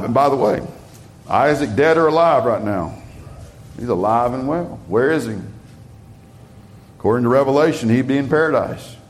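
Lively-voiced male preacher reading scripture. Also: fairly low pitch. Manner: reads scripture slowly and emphatically, talks plainly between readings.

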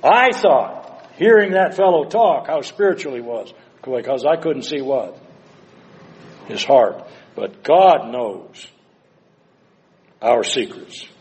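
An older man preaching a sermon, moving between hushed, slow passages and loud, dramatic cries. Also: medium pitch, expressive.

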